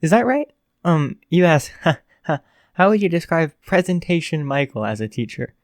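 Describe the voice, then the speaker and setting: A man voicing a shy, flustered teenage boy student in a read-aloud fan story, speaking softly and stammering. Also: a little high, big pitch swings, moderate pace, dry recording, clean studio sound. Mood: nervous. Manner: hesitant, stammering, soft.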